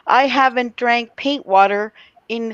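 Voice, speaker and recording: A woman's voice: on the high side, a little slow, clear, resonant tone, dry recording, highs cut off. A middle-aged woman hosting a live art show in casual chat, laughing often.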